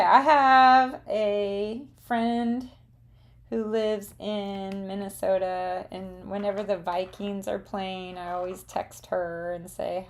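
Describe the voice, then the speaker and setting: A woman's voice: medium pitch, fairly even intonation, takes it slowly. A middle-aged woman with a Southern accent, chatting casually and rambling a little with frequent ums as she hosts a live craft demonstration for viewers.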